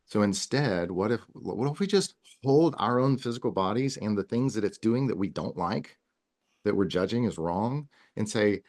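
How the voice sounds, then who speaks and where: A man's voice: on the low side, expressive, moderate pace, a little mellow. A man speaking as a guest in a casual podcast interview, earnest and rambling, with frequent restarts. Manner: earnest, talks in long runs with many restarts. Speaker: wellness guest.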